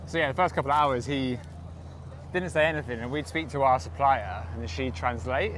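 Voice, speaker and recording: A young man, chatting casually for a travel vlog in a relaxed, matter-of-fact way. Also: mid-range voice, brisk, a little hiss or hum. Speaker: vlogger and online seller.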